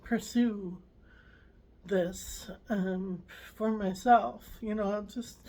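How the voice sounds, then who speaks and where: A woman hosting her own vlog, talking in a halting, emotional way with many pauses and restarts, close to tears at times. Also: medium pitch, steady tone, dark tone, low-quality recording. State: tearful. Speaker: channel host. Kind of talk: personal vlog.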